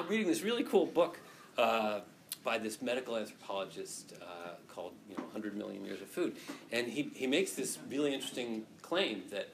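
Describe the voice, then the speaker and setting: A man's voice: medium pitch, fairly bright tone, a little hiss or hum. Rambling self-mocking male teacher. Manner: rambling, self-deprecating, laughs often, many restarts. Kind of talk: classroom lecture with a personal story. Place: classroom.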